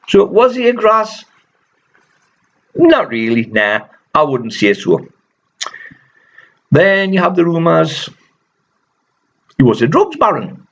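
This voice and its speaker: A man's voice: on the high side, sing-song, takes it slowly, long pauses. A man, talking casually to his viewers and firmly correcting rumours, with lots of "you know". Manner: chatty, rambling, keeps saying "you know". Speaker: video channel host. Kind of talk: casual spoken commentary. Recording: dull lo-fi recording.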